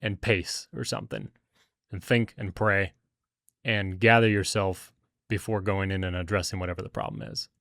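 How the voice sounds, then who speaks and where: A man with a low voice gives calm, steady advice in a casual podcast chat. He keeps an even, easy delivery. The recording is dry, with the mic close. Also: moderate pace, dry recording. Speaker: podcast co-host.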